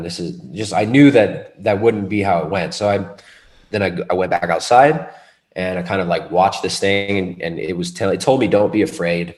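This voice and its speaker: A man in casual conversation, telling a long personal story in a rambling, animated way with many restarts. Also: low voice.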